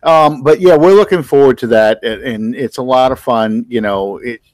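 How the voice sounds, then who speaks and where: A man's voice: medium pitch, normal speed, darkish tone, dry recording, low-quality recording. A man hosting a casual sports podcast, wrapping up the show in an easygoing way. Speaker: podcast host.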